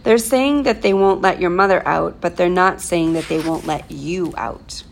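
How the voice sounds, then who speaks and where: A woman voicing a calm, deliberate middle-aged father who speaks in a measured, quietly firm way. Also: lowish voice, gravelly, a little hiss or hum.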